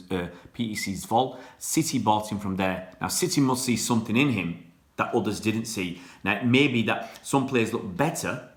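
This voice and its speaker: Live stream host, male, lowish voice, loose rambling delivery full of ums. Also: fairly bright tone. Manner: rambling, many fillers and restarts. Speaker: football channel host. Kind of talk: live stream chat reading comments.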